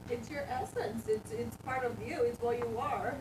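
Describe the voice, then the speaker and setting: A woman speaks up from the audience, far from the mic, with firm, quick replies. Her voice sits back in an echoey room. Loud noise runs under her. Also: on the high side, sing-song. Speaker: audience member. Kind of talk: answering from the audience. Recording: distant roomy audio with loud noise.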